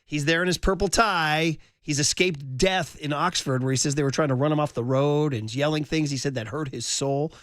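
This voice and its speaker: A man's voice: a little high, normal speed, hardly any pauses, fairly bright tone, no room sound, clean studio sound. A man hosting sports radio, trading wry jokes in casual banter. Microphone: studio microphone.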